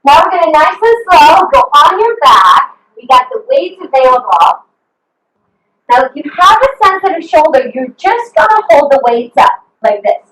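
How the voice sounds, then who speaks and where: A woman's voice: sits high, very animated, moderate pace, fairly bright tone, reverberant, poor audio. A woman fitness coach leading an online workout, upbeat and encouraging, counting reps and whooping, a little out of breath. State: slightly out of breath. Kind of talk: live online workout instruction.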